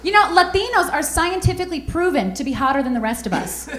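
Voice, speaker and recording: A woman's voice: high voice, expressive, fast, few pauses, a bit bright, echoey room. A woman doing a stand-up routine with a sly, teasing delivery and punchlines. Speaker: stand-up comedian.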